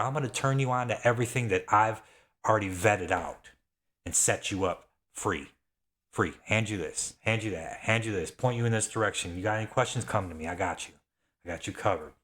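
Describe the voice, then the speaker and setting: A man in his thirties making an excited, repetitive sales pitch, getting worked up as he talks. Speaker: affiliate marketer. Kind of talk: excited sales pitch, self-described rant.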